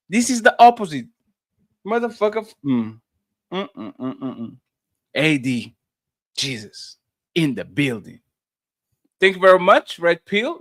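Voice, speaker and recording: A man hosting a live stream, loudly reading out and reacting to chat messages. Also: high voice, dry recording. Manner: loud, animated, shouts out chatters. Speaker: livestream host.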